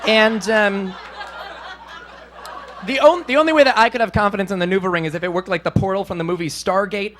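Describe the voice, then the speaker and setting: A male stand-up comedian performing for a live club audience, animated and self-deprecating, often slipping into silly voices. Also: high-pitched, brisk, pauses often, slight background noise.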